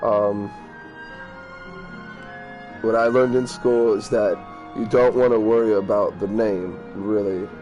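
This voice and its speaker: A man's voice: on the low side, warm tone, muffled recording. A man casually commenting on a game he plays, reading its lines aloud, rambling, swearing and stumbling over hard words. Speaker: let's play gamer.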